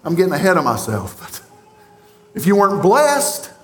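A pastor delivering an emphatic sermon, with rhetorical questions and long pauses. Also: male voice, high-pitched, huge pitch swings, fairly bright tone. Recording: roomy echo.

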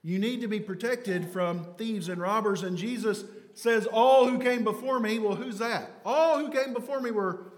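A man preaching a sermon, swinging from loud emphatic phrases to hushed low words. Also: normal speed, few pauses. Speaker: pastor. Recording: long hall reverb.

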